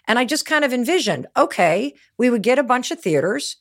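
A woman's voice: on the high side, sing-song, a little fast, gravelly, hardly any pauses. A middle-aged woman giving a motivational talk, telling stories with energy and emphasis. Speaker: motivational speaker.

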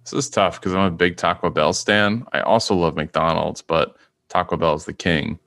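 Hushed, sultry-sounding man. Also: steady tone, moderate pace, vocal fry, no echo, studio quality. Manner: low, hushed, sultry delivery. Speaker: podcast panelist. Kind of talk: casual chat.

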